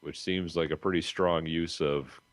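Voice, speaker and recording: Man, very low voice, dry close mic, jokey co-host banter. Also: steady tone, a little slow, no room sound. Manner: dry, joking, laughs often. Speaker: podcast co-host. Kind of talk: casual banter.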